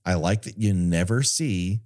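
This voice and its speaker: A man's voice: deep voice, unhurried, darkish tone. A man co-hosting a podcast, retelling a film in a sarcastic, profane, chatty way. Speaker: podcast co-host. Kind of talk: casual film chat.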